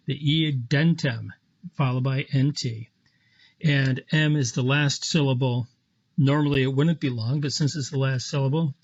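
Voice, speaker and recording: In this screen lecture on Latin, a male teacher goes through an example step by step with patience, now and then fixing small slips. The recording is muffled, and his mid-range voice has a breathy edge.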